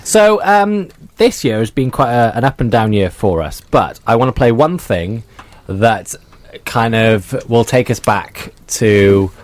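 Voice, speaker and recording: A man's voice: medium pitch, expressive, measured pace, dry recording. A young man presenting a hospital radio show in casual, bantering chat.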